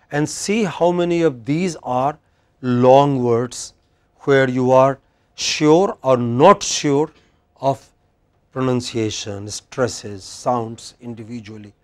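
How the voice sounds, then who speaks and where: Demanding Indian English teacher, drilling words. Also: male voice, mid-range voice, darkish tone. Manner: demanding, corrects and repeats words slowly. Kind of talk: classroom pronunciation drill. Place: university classroom.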